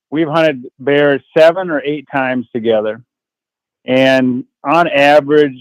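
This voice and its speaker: A man's voice: medium pitch, a little mellow, no echo, dull audio. A man, a guest from an outdoor adventure TV show, telling hunting stories in a folksy, rambling way on a radio call-in. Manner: rambling, folksy, restarts sentences. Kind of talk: casual radio interview storytelling.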